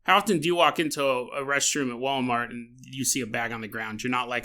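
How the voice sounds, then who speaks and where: A man hosting a solo podcast, telling a strange story in a jokey, animated way, laughing often, with a sore throat. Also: medium pitch, fairly quick, hardly any pauses. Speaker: podcast host.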